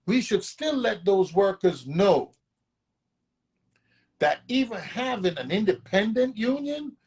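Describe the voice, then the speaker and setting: A man who leads a union local, speaking as a guest in a husky voice. He talks in an emphatic, rallying way and keeps checking that his listener is following. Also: high voice, sing-song, slow pace, darkish tone. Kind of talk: casual conversation.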